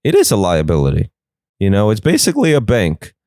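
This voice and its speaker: Animated sarcastic comedy host, man. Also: on the low side, fairly quick, dry recording, studio quality. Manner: sarcastic, riffing with silly put-on voices. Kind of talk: comedic news commentary.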